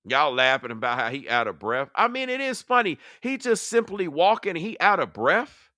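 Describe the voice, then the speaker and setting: A man's voice: on the high side, very animated, moderate pace, pushed and bright, no room sound, clean studio sound. Confrontational man calling out rivals. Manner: confrontational, preachy, mocking. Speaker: online commentator. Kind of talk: heated reaction commentary.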